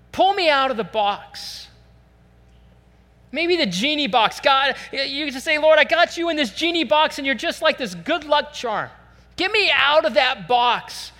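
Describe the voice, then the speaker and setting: An earnest male pastor delivers a sermon at a church service, his voice high and bright. He preaches with animation and drops into heartfelt prayers spoken in the first person. A long reverb from the church hall trails behind him.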